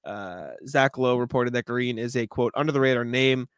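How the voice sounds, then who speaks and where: A man's voice: mid-range voice, normal speed, a bit bright, smooth, no echo. A man co-hosting a sports podcast in a shrugging, laid-back way, reading news items aloud. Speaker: podcast co-host. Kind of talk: casual sports chat.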